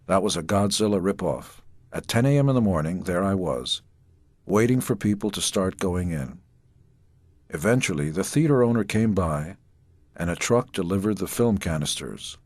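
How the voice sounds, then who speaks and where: A middle-aged man from Israel reads his own memoir aloud, in measured, dry storytelling with deadpan asides. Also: sits low, no room sound. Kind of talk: memoir audiobook narration.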